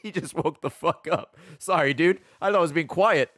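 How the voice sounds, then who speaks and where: A man giving casual, profane commentary while streaming a video game, with excitable running reactions. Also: a little high, moderate pace.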